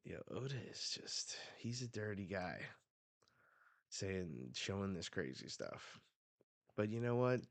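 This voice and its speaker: Man, laid-back streamer, low voice, slow drawl, casual fillers. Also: very animated, no room sound. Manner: laid-back, with fillers, reads aloud and comments. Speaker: streamer reacting to a manga chapter. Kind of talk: casual live reaction.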